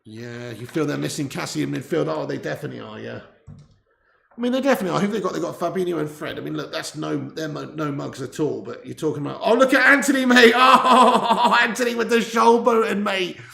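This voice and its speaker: A live stream host with a slightly high, sharp-toned voice and vocal fry talks a little fast with lively intonation during a football watch-along. He chats casually, laughs often, and reads out viewer messages. An indoor room echoes around a distant laptop mic with turned-up gain.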